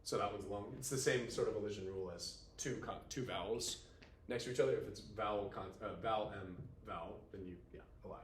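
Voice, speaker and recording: A man's voice: on the low side, a little fast. Male teacher, casual lecture in an echoey classroom with a faint hum behind him. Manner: casual and animated, talks to students as "dude" and "y'all". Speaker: Latin teacher.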